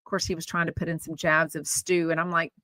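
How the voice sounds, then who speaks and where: This podcast host from Texas has a low, level voice with a sharp tone, talks fast, and is recorded with no echo. She chats casually on a live stream, reading comments aloud in a rambling way full of fillers and restarts.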